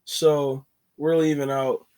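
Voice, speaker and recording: A man's voice: a little high, little pitch movement, slow, darkish tone. A man telling a personal story in a casual, rambling way, full of "like" fillers and self-corrections. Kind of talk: casual story-time narration.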